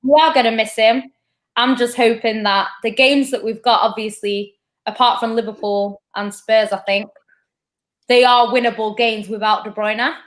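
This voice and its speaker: Measured woman, somewhat high voice. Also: fairly even intonation. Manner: measured, thoughtful, with frequent hesitations. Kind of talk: casual chat.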